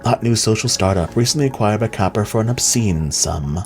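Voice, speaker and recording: A man's voice: lowish voice, lively intonation, fairly quick, a little mellow, soft background music. A man voicing a wry, knowing woman hacker as he reads game dialogue aloud, with a dry, arch delivery.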